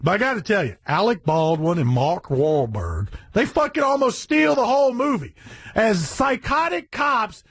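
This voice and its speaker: A brash, profane man holds forth on his satellite radio show in a ranting monologue. His husky voice sits high and leaps all over the place, breaking into shouts. The sound is dry and close. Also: sing-song, normal speed, no room sound.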